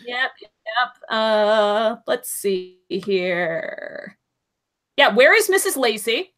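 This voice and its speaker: A woman chats on a casual podcast, animated and full of questions. Her voice sits a little high and sounds bright. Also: very slow. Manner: animated, asks lots of questions. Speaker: podcast co-host. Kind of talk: casual live podcast discussion.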